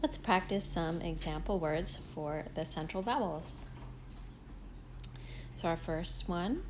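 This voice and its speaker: Slow, low-voiced woman teaching vowels. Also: a little mellow, slight background noise. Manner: stretches out each vowel sound, clear and deliberate. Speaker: English pronunciation teacher. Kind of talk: slow instructional demonstration.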